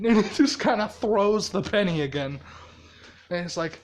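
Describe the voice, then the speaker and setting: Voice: medium pitch, lively intonation, slow pace, long pauses. A storyteller improvising a story in a casual way, laughing often and swearing heavily.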